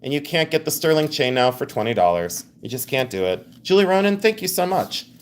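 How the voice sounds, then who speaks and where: A man's voice: medium pitch, big pitch swings, fairly quick, clear, resonant tone. A man hosting a live jewelry sale, chatting casually, joking and laughing as he describes rings and pendants with enthusiasm. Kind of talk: live sales stream chat.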